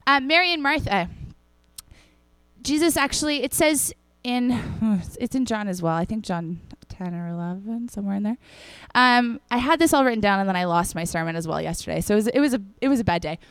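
A young woman preacher delivers a casual, chatty sermon to her congregation in a mid-range, clear, resonant voice, speaking fairly quickly with no echo. She's animated, acting out the people in her stories as she tells them.

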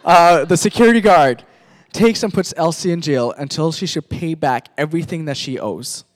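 A man's voice: fairly high pitch, moderate pace. A man from Pakistan, a pastor, animatedly narrating a sermon skit and directing volunteer actors.

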